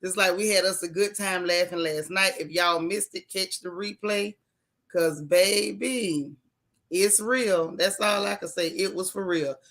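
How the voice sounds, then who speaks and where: Gravelly, bright-voiced woman livestream host. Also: lowish voice, a little slow. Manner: warm, chatty, Southern-Black-American vernacular, stretches greetings. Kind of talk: casual livestream chat greeting viewers.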